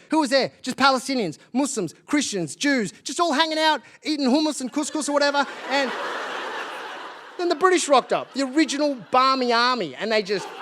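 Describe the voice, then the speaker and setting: A man performing stand-up to a live audience, delivering sardonic, punchy lines at a brisk clip. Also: extremely high pitch, a bit bright. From Australia. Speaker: stand-up comedian. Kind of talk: stand-up comedy set. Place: comedy venue with live audience.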